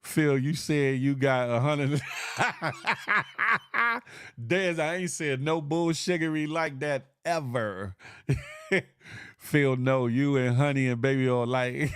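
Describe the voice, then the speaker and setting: This man with a Southern US accent speaks slowly and clearly in a resonant tone while running a relaxed morning live stream. He reads the chat out loud, laughing a lot, lively and swinging widely in pitch. The sound is clean studio audio without echo.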